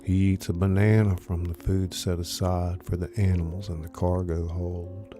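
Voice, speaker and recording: Low male whisper, slow, dark tone, whispered role-play, faint music. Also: level tone. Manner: soft, unvoiced whisper. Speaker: narrator, reader.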